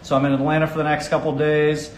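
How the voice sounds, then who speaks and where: Upbeat guy hosting a live stream interview, kinda high voice, echoey room, bit of hiss. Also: little pitch movement, fast. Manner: upbeat, joking. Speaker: host. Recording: echoey room with faint noise.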